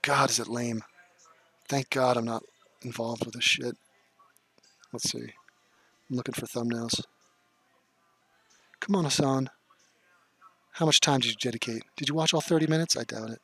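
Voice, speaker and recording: A man's voice: medium pitch, fairly even intonation, a little slow, creaky, long pauses, sharp tone, husky, dry recording. A man doing casual live-stream commentary as he reacts to clips, sarcastic, profane and mocking.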